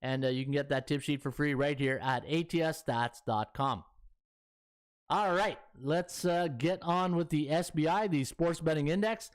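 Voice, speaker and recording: A man's voice: a little high, moderate pace. A man hosting a sports betting podcast, chatting in a folksy way with lots of fillers. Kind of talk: casual chat.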